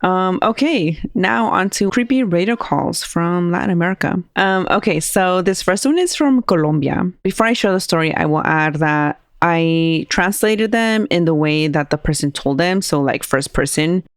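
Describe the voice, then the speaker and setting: A woman hosting a podcast, telling a story in a loose, chatty way and sprinkling in filler words as she goes. Her voice sits a little low. The sound is dry and close, with no room around it. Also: animated, normal speed, few pauses, clear, resonant tone, no echo. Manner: chatty, laughs often, many "like" fillers. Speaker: podcast host. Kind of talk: casual chat, retelling a story.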